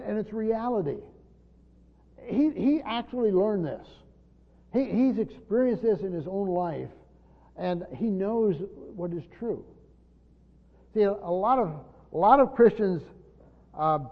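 A man's voice: high voice, creaky. Guy preaching a verse-by-verse sermon, stumbles and repeats words a lot, dull muffled sound, big echoey hall. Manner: halting, repeats words while explaining. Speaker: pastor. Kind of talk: expository sermon. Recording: muffled recording with long hall reverb.

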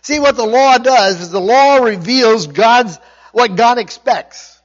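A man's voice: very high-pitched, slow, lo-fi sound. A man preaching a conversational sermon, repeating his points with emphasis. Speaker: pastor.

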